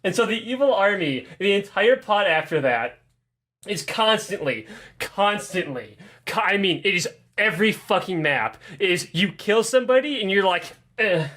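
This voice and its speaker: A man talks through a long, profane recap on a casual podcast, hardly pausing. His voice is high and bright. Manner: rambling, profane, animated recap. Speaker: podcast co-host. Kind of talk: casual chat.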